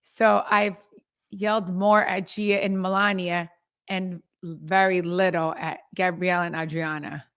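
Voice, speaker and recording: A middle-aged woman co-hosting a podcast in casual chat, talking haltingly with frequent restarts. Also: fairly low pitch, little pitch movement, clear, resonant tone. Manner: halting, restarts often, reflective. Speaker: podcast co-host.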